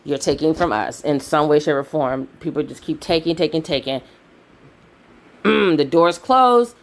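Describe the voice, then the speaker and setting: Blunt, heated low-voiced woman vlogger. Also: fairly even intonation, brisk. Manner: blunt, heated, swears freely. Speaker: video commentator. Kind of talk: outspoken opinion vlog.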